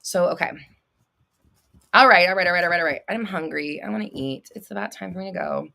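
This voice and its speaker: A young woman hosting a casual livestream, reading viewer comments and coaching them in a blunt, excitable way, swearing freely and laughing often. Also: lowish voice, a little fast, creaky. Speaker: manifestation coach and livestream host.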